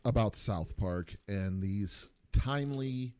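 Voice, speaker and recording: A man's voice: lowish voice, slow, darkish tone, smooth. A man co-hosting a casual podcast, groaning at a friend's story and then making an earnest case for his own view. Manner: reacts with groans and short exclamations, then argues a point earnestly. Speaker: podcast co-host. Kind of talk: casual chat.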